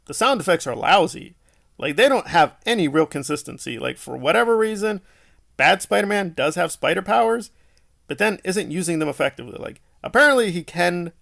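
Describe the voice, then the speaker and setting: A man's voice: on the high side, creaky, fairly bright tone. A man giving a casual, opinionated film review, exasperated and sarcastic, full of rhetorical questions.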